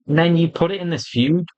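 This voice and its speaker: A man gives a blunt, casual, opinionated wrestling review, swearing freely and acting out quotes in an animated retelling with different voices. His voice is a little high, and the recording is muffled.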